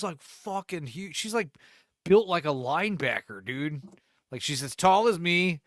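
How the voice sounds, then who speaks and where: A man's voice: a little high, expressive, moderate pace, fairly bright tone, no room sound, clean studio sound. A man co-hosting a podcast in casual chat, rambling and cursing as he acts out quotes in different voices. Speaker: podcast co-host.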